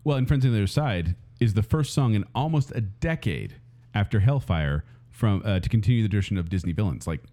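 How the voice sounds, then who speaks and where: Playful man with a lively voice. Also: on the low side. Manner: playful, quick to joke and sing snippets. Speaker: podcast co-host. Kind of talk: casual chat.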